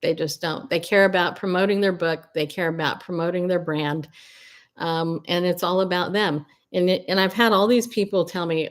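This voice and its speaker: A middle-aged woman talking casually on a home livestream, her voice sitting a little low for a woman. She tells stories in a chatty, animated way, breaking into laughs and blunt asides. Her pitch jumps high when she acts out her own surprise. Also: moderate pace. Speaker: Christian media host and coach. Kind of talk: casual solo livestream talk.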